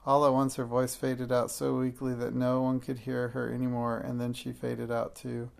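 A man narrating a children's storybook aloud in a measured, expressive way. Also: mid-range voice, creaky.

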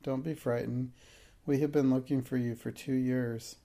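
A man reading an audiobook, voicing a kind, fatherly middle-aged gentleman who speaks in a gentle, encouraging way. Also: mid-range voice, steady tone, moderate pace, creaky, lightly acted.

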